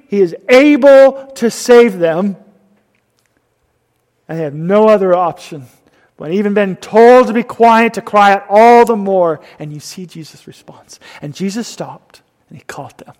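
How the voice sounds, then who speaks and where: A man preaching a sermon, swinging between loud emphasis and hushed whispers. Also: high-pitched, animated, measured pace. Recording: long reverb of a hall.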